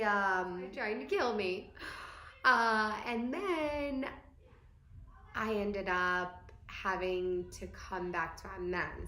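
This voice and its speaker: A woman's voice: mid-range voice, fairly bright tone. Young woman, candid emotional storytelling, chatty with fillers, echoey room. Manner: candid, tearful storytelling with frequent "like". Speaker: vlogger.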